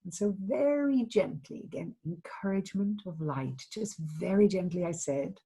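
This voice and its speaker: A middle-aged woman therapist from Ireland giving a seminar talk, speaking gently and reflectively with hesitant restarts. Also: lowish voice, lively intonation, moderate pace, few pauses, husky, poor audio. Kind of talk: seminar talk, answering a question.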